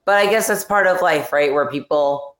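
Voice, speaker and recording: A woman's voice: low voice, normal speed, echoey room. A woman guest on a podcast talking frankly and irritably in casual conversation, trailing off with fillers. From New York and New Jersey area.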